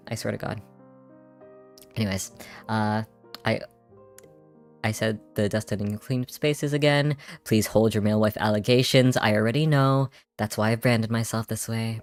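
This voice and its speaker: A man streamer in casual, rambling chat, animated and joking, swearing freely as he introduces himself. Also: on the low side. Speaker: virtual streamer.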